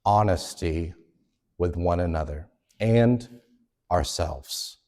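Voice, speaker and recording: Deep-voiced man teaching Sunday school. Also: slow, a little mellow. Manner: earnest, conversational, acts out quoted complaints.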